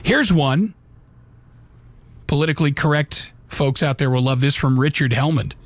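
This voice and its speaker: A man's voice: fairly high pitch, normal speed. A man hosting a live radio talk show, reading holiday memes aloud in a folksy, casual way with little asides.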